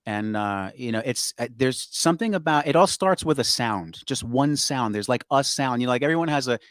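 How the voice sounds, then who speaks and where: A man guest on a talk show, chatting in a relaxed way with lots of fillers about doing impressions. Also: mid-range voice, fairly quick, no room sound, clean studio sound. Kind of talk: casual interview chat.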